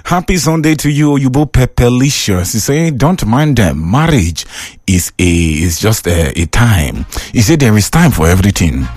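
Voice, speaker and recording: A man's voice: on the low side, moderate pace, dry recording. A man with a Nigerian accent hosting a call-in radio show from a studio, bantering playfully with callers and reading out messages. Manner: lively, playful banter in pidgin. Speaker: radio host.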